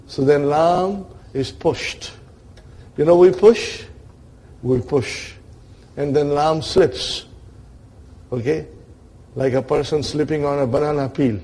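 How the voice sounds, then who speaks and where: A man's voice: on the high side, takes it slowly, long pauses, dark tone. A man teaching an Arabic grammar lesson to a class, checking in with his students often and acting out the grammar as characters.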